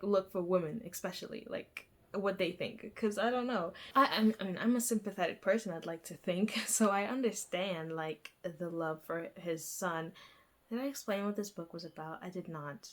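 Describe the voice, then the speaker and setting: A woman's voice: mid-range voice, moderate pace. Young woman vlogging her reads, chatty, stutters a lot, self-deprecating. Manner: rambling, filler-heavy, self-deprecating, stuttering. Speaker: book vlogger. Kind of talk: casual book review chat.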